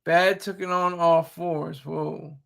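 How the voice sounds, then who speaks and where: A man in his thirties with a gravelly, bright edge to his fairly high voice. He hosts a casual live stream and rambles bluntly through his opinions. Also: fairly even intonation, takes it slowly. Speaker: streamer host.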